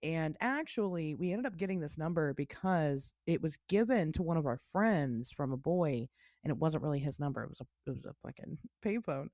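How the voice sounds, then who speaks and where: A woman's voice: low voice, animated, normal speed, a little mellow, dry recording, clean studio sound. A woman co-hosting a podcast, telling a rambling story with lots of laughs and swearing. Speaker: podcast co-host. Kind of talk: casual storytelling chat.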